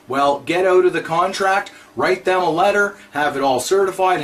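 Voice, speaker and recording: A man's voice: a little high, a bit bright, a little hiss or hum. A man giving a blunt, repetitive, scolding monologue to his viewers. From Canada. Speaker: vlogger. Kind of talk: ranting monologue to camera.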